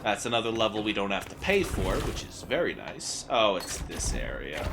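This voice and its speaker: A man giving casual, jokey gameplay commentary as a gaming streamer, excitable and swearing freely, with game music behind him. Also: lowish voice, moderate pace, gravelly, hardly any pauses, slight background noise.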